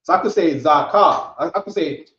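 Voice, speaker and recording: A Hebrew teacher leads a classroom lesson in a relaxed, coaxing manner, saying short words aloud for drilling and regularly checking his students are keeping up. His voice is fairly high and quick. The room echoes, and the recording sounds dull and lo-fi.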